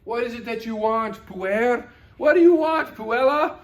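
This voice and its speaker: A man putting on a shrill, impatient mom. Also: lively intonation, unhurried, distant mic. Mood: exasperated. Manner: high, impatient, repeated questioning. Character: exasperated mother answering a whining child.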